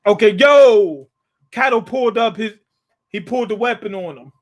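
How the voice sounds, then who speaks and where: A man with a fairly high voice hosts a live comic reaction. He reads scenes aloud and retells them in loose, slangy talk. He restarts his sentences a lot and laughs them off. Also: moderate pace. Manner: casual, slangy, paraphrases scenes in his own words; frequent restarts and chuckles. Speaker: manga reaction host.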